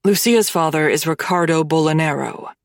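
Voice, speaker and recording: Woman reading a smooth, stern mafia boss. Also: low-pitched, moderate pace, dry recording, clean studio sound. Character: cold, smooth young mafia boss man.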